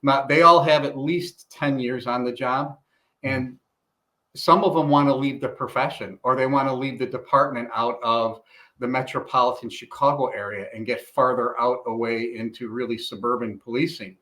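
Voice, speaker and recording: A man's voice: mid-range voice, normal speed. A middle-aged man, a retired police chief from Illinois, telling stories in a casual interview and acting out the voices of the people in them. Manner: animated storyteller, acts out quoted dialogue.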